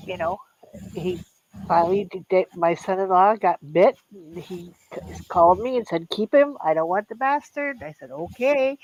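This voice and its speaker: Older woman, halting and grieving. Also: medium pitch, a little mellow, dry recording, muffled recording. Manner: halting, grieving, many restarts. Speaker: guest. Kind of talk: casual chat.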